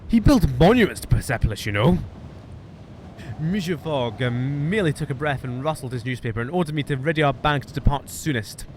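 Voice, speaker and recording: A man's voice: on the high side, expressive, fairly quick, darkish tone, slight background noise. A man streaming a game, reading its narration and dialogue aloud and joking with friends. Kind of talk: live-streamed game read-aloud with chat.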